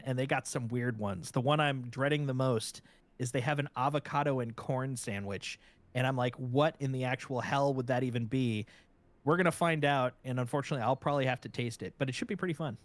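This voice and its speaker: A man who is a guest streamer in a casual chat, talking in a relaxed way with many filler words. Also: mid-range voice, a little fast.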